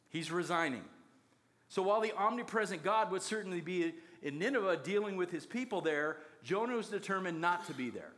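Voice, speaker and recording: A man's voice: sits high, expressive, brisk, fairly bright tone. A man preaching a sermon, telling the story with jokes and acted-out quotes. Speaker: pastor.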